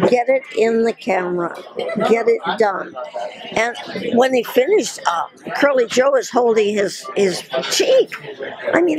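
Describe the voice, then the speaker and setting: An older woman, a retired actress, telling lively stories about her career in an interview, slowing down to stress points. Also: a little high, low-quality recording. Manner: lively anecdotal, slows for emphasis, laughs through stories. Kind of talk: storytelling reminiscence.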